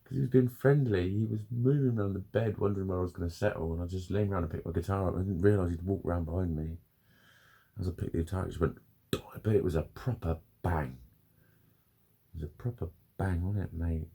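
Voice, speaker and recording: Gravelly low-voiced man rambling. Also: steady tone, fast talker, warm tone. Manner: rambling, sweary, self-critical. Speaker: vlogger. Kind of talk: casual confessional vlog.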